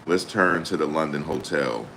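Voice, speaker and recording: A male channel host reads court updates aloud and reacts in an animated, blunt, slangy way, swearing freely. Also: very deep voice, moderate pace, a little hiss or hum. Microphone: desktop USB microphone.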